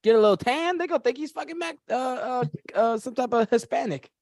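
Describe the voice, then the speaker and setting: A man's voice: very high-pitched, fairly quick, a little mellow, no echo, studio quality. A man co-hosting a casual fight-watching stream, speaking, joking loosely and rambling in slang. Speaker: podcast co-host.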